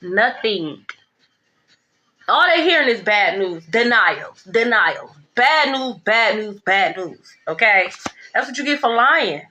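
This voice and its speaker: A woman's voice: medium pitch, very animated, slow pace, bright, forceful tone, slight background noise. A woman giving a blunt, profane, sassy tarot reading in a casual rant. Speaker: tarot reader.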